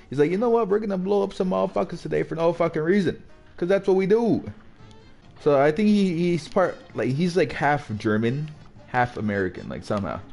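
A young man giving live, profane commentary while battling a game boss, jumping between mutters and yelps. His pitch swings widely as he reacts, with faint game music playing beneath. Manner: profane, excitable, jokey. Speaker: gaming streamer.

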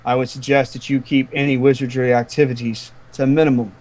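A man voicing a stern adult male town gate guard in a tabletop game, brisk and demanding. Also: mid-range voice, little pitch movement, darkish tone, natural voice. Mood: stern, officious.

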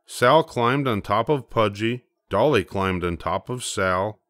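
Deep-voiced grandfather reading a story. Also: animated, dry recording, studio quality. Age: older. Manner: slow, gentle, measured narration. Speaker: storybook reader. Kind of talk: bedtime story read-aloud.

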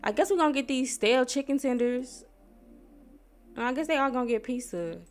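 A young woman from Missouri, chatting casually to viewers while she plays a life-sim game, squealing when something excites her. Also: sits high, a little fast. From Missouri, USA. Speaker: gaming streamer. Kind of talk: casual gameplay commentary. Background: soft R&B background music.

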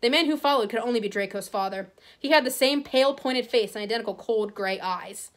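A woman teacher reading a novel aloud to her class, expressive, with small slips and restarts. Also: on the high side, a little fast.

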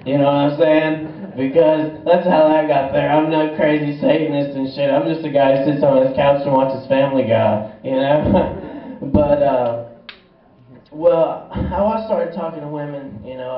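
A young man doing a stand-up comedy set in a small club, rambling and profane with a laid-back stoner delivery. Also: fairly high pitch. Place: small bar or club stage. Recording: echoey room, far from mic, dull lo-fi sound.

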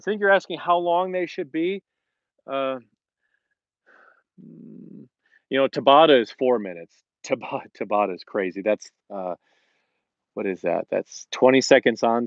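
A man's voice: medium pitch, no echo, lo-fi sound. A middle-aged man who hosts and teaches fitness, chatting casually on a live stream in a rambling way and acting out the lines he quotes. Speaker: fitness instructor and host. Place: home in the Colorado mountains.

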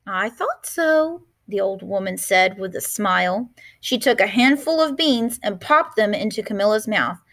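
A woman's voice: mid-range voice, moderate pace, hardly any pauses, fairly bright tone. A woman teacher reading a picture book aloud, expressively, stopping to explain words.

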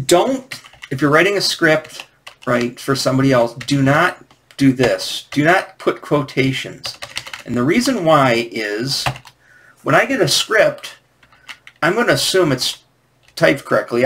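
A man's voice: medium pitch, fairly bright tone, slight background noise. A man teaching comic scripting in a loose, rambling way, with many restarts and hesitations. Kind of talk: casual instructional talk.

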